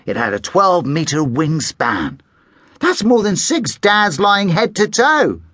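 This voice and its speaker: A man's voice: high voice, sing-song, slow pace, bright, forceful tone, dry recording, clean studio sound, voice pushed up, exaggerated voice. A man voicing a friendly, enthusiastic father who runs a dinosaur museum. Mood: jolly.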